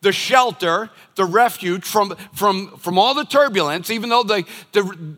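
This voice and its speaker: A man's voice: high voice, measured pace, bright, forceful tone. An older man preaching a sermon as a pastor, telling stories and acting out everyday scenes. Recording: long reverb of a large hall.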